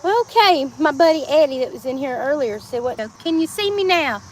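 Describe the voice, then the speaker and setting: A woman's voice: high-pitched, expressive, moderate pace, slight background noise. A woman from Georgia with a Southern accent, chatting casually to viewers in a live stream, laughing often and bursting into snatches of songs. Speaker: livestreamer. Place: outdoors. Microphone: phone.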